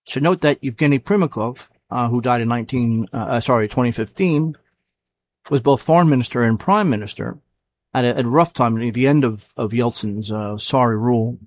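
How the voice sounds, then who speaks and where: A man's voice: medium pitch, fairly quick, dry recording. A man hosting a solo commentary show, talking casually and rambling, often stopping to correct himself. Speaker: show host.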